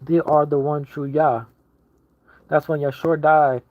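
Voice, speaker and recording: Heard through phone-quality sound, a lay preacher with a fairly high voice speaks unhurriedly, his pitch barely moving. His casual online sermon is emphatic and repetitive, full of restarts as each point takes shape.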